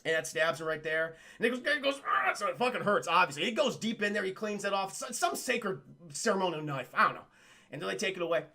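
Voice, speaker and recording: A man's voice: sits high, expressive, fast, sharp tone. A young man livestreaming a casual spoiler recap of a film, rambling and swearing as he keeps talking to his chat.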